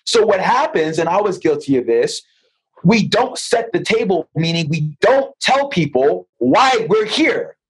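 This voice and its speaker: A husky man with a high voice, guest on a podcast interview. He tells lively stories, acts out both sides of conversations, and often doubles up words when he restarts a sentence. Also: measured pace, low-quality recording. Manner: lively storyteller who acts out dialogue. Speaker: guest, financial advisor.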